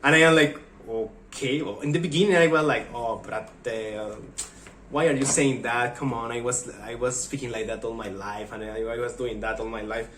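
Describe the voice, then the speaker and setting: A vlogger from Mexico chats casually in Spanish, his Mexican accent carried by a mid-range voice at normal speed. The room echoes and there's slight hiss or hum, and he animatedly acts out amusing little exchanges.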